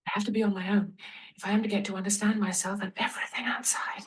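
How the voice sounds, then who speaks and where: An actress playing a young Victorian wife who speaks in a calm, firm, resolute way. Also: female voice, mid-range voice, quick pace, slightly rough, close to an everyday voice, low-quality recording. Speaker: actress in a filmed play.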